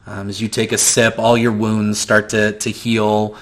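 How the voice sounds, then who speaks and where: A slow, hesitant man game master. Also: on the low side, level tone, fairly bright tone. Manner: hesitant, many ums. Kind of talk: narrating a tabletop game.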